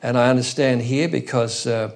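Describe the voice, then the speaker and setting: A man delivers an unhurried Bible teaching in a thoughtful, conversational way. His voice sits at a middling pitch with a gravelly, creaky texture. He often slows to read scripture aloud. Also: steady tone. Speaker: preacher.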